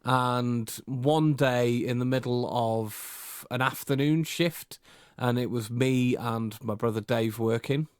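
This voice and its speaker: Podcast guy telling a long story, lots of ums, mid pitch, dry close sound. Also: fairly even intonation, slow pace, hardly any pauses, clear, resonant tone, no room sound. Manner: rambling storytelling with fillers. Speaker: podcast co-host. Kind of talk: casual chat, anecdote.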